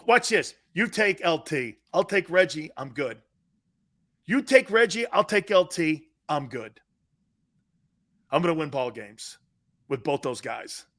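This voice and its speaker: Brash and blunt, a middle-aged man hosts a live sports talk show, cursing without restraint. His voice jumps between loud bursts and low asides.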